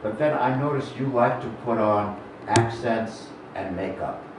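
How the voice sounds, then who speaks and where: A man's voice: mid-range voice, a little slow, recorded from a distance, background noise. Man interviewing in a very echoey hall. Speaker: film historian interviewing a guest. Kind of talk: on-stage interview before an audience. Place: cinema hall with live audience.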